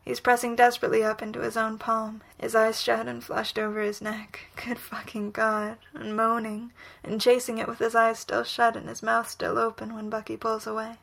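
A woman reading a romantic story aloud in whispered role-play, soft, breathy and unhurried. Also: a little high, completely flat delivery. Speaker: reader.

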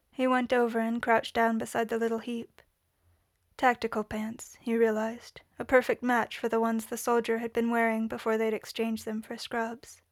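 A woman reads fiction aloud in a steady, measured way. Her voice is a little high and keeps a narrow pitch range. The sound is dry and close. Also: gravelly, no room sound. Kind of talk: audiobook-style fiction reading.

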